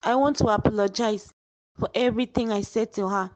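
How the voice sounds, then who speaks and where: A woman's voice: medium pitch, fairly even intonation, no room sound, lightly acted, rough recording. A woman voicing a dying young woman in a cartoon drama, weak and remorseful, speaking faintly. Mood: weak tender. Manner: faint, slow farewells.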